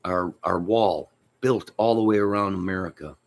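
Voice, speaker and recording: Low-voiced rambling joking man. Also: moderate pace, vocal fry. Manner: jokey, rambling, sudden loud outbursts. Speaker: channel host. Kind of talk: rambling joking livestream chat.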